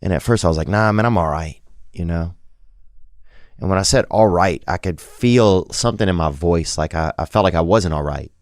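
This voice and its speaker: A man telling a personal story in a rambling, halting way, reflective and emotionally open, with lots of slang and restarts. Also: low voice, dry recording, studio quality. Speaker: podcast host. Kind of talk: confessional storytelling.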